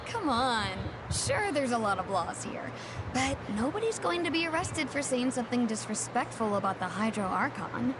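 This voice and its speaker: A woman's voice: a little high, very animated, normal speed, background noise. A woman voicing a friendly young townswoman in a video game, chatty and upbeat.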